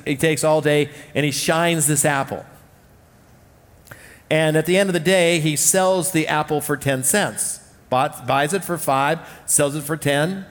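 A man preaching a sermon as a pastor, earnest, repeating key phrases and often restarting his sentences. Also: on the high side. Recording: long hall reverb.

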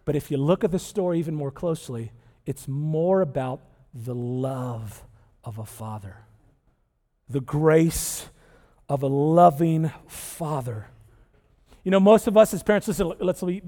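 A man with a high voice for his sex gives a casual, lively sermon, checking in with the room often. His voice rings with the long reverb of a large hall. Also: unhurried. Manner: chatty and animated, tags lines with "right?" and "okay?". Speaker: pastor. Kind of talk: conversational sermon. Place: church sanctuary with live audience.

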